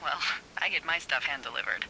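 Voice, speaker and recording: An actress voicing a witty, teasing woman fire lookout boss on a radio in a video game, with a breathy voice and playful banter. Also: low-pitched, fairly quick, sharp tone, slight background noise, exaggerated voice, rough recording. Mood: joking.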